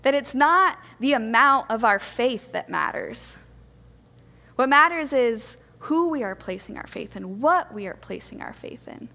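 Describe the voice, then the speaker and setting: Woman, preacher, gentle earnest sermon, higher voice, long reverb of a church hall.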